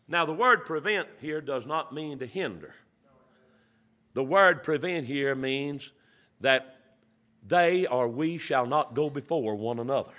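Male preacher, high-pitched, bright sharp tone, folksy, fervent. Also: moderate pace. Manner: swings from quiet teaching to loud fervent preaching; folksy, filler-laden delivery. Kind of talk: sermon.

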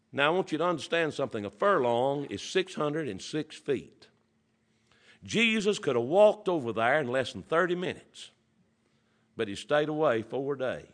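Fervent high-voiced male preacher. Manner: swings from quiet teaching to loud fervent preaching; folksy, filler-laden delivery. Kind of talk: sermon.

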